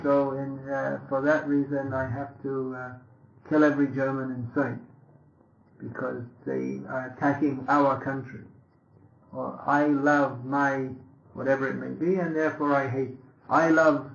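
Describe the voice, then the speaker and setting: A man's voice: mid-range voice, flat delivery, measured pace, gravelly. A man from England, giving a wry, conversational sermon on scripture with many restarts and asides. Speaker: lecturer on scripture. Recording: lo-fi echoey room recording.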